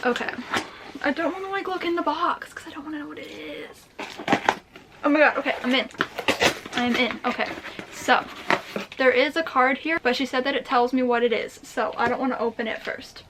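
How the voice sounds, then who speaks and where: A young woman vlogging casually, excitable and swearing, teary and emotional as she unboxes a gift. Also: high voice, brisk, heavy background noise. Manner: excitable, gushing, swearing, with breathy laughs. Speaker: vlogger and writer. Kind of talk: casual vlog chat.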